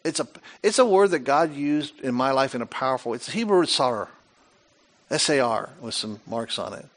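A male pastor preaching a sermon, retelling scripture with animated, dramatic storytelling and frequent rhetorical questions. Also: mid-range voice, moderate pace.

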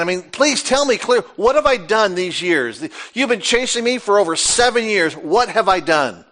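High-voiced pastor acting out Bible scenes. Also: male voice, moderate pace, hardly any pauses. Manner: folksy, acts out the Bible quotes, lively asides to the congregation. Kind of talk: sermon with Bible reading.

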